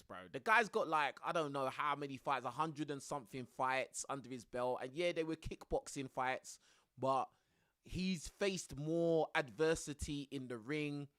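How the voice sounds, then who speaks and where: A man's voice: fairly high pitch, a bit bright, dry recording, clean studio sound. A young man chatting casually to his live stream audience, tossing in bruv and bro.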